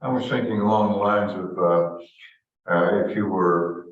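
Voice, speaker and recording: Slow, hesitant man, far off in an echoey room. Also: sits low, fairly even intonation, narrow, tinny audio. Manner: hesitant, halting, with many fillers. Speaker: audience member asking a question. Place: room with a live audience.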